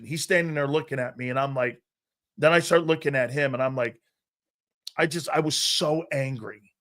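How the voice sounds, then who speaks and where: A middle-aged man hosting a sports talk show, telling a profane, animated story and loudly acting out the people in it. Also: a little high, a little fast.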